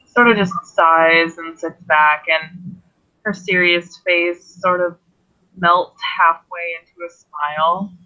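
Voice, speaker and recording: Bright sharp voice, dull lo-fi mic, narrating their character in a tabletop game. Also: medium pitch, fairly even intonation, slow pace. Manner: narrates own character's actions in third person. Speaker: tabletop role-play player. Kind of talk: in-character role-play with narration.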